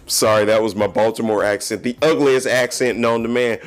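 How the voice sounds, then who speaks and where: A man's voice: on the low side, steady tone, brisk, hardly any pauses, soft background music. Candid man hosting a solo podcast. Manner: candid, confessional, talks straight to listeners. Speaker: podcast host. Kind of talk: casual solo podcast monologue.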